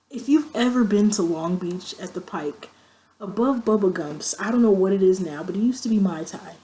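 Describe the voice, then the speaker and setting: Animated, profane woman telling a story. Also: normal speed, poor audio. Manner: animated, profane, acts out quoted friends with pitch jumps. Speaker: vlogger. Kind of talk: casual storytelling.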